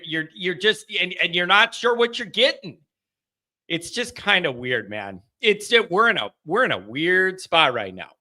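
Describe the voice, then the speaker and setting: A man's voice: sits high, sharp tone. A man hosting a casual live call-in show, rambling and repeating himself and laughing between thoughts. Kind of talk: casual live-stream chat.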